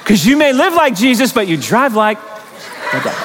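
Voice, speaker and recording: A man's voice: very high voice, very animated, moderate pace, crowd noise, background noise. A man preaching a sermon as pastor, telling personal stories and then rising into emphatic exhortation. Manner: storytelling, building to emphatic exhortation. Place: large church sanctuary. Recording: long hall reverb.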